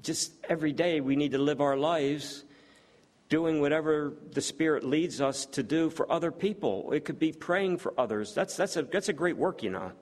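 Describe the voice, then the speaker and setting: A man's voice: a little high, normal speed, darkish tone. A man preaching a sermon, reading scripture aloud and putting rhetorical questions to the congregation. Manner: reads scripture aloud between remarks.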